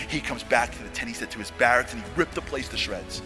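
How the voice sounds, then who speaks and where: An American man telling a story to an audience, acting out the dialogue and swinging from hushed asides to loud exclamations. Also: mid-range voice, fast, music in the background. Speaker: motivational speaker. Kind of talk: animated storytelling talk.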